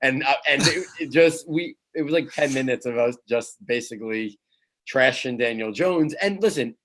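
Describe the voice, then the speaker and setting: A man's voice: medium pitch, moderate pace, fairly bright tone. A man in a casual podcast chat who tells stories with animation and stammers through restarts. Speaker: fantasy football panelist.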